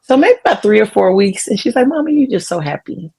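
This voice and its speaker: A woman's voice: medium pitch, very animated, fast, gravelly, mellow. A middle-aged woman speaking as an interview guest, earnest and heartfelt as she reflects on her life. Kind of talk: casual interview.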